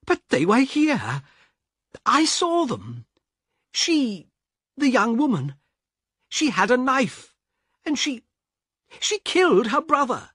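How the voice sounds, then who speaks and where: An actor voicing a frightened traveller in a storybook reading, speaking in a raised, shaken, stammering voice. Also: male voice, very high voice, wildly swooping pitch, takes it slowly, long pauses, a bit bright, husky, no echo, studio quality, voice pushed up, full character voice. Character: nervous, frightened middle-aged male traveller.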